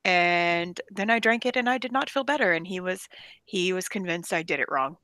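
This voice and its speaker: A woman co-hosting a casual chat, telling funny stories in an animated, laughing way. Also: on the low side, moderate pace, no room sound.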